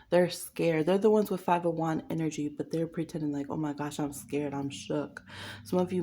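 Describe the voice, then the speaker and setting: A woman's voice: sits low, creaky, dark tone, slight background noise. A woman giving a casual pick-a-card tarot reading, chatty and playful, laughing often and mocking people with quoted voices. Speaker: tarot reader.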